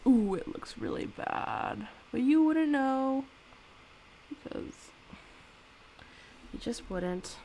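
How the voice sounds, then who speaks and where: A young woman talks to herself in a high voice, slowly and loosely. She complains at her equipment with dramatic, foul-mouthed exasperation. A faint noise floor sits under the home recording. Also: expressive, warm tone, poor audio. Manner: chatty, swears freely, dramatic complaints. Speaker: vlogger. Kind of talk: casual solo vlog with singing.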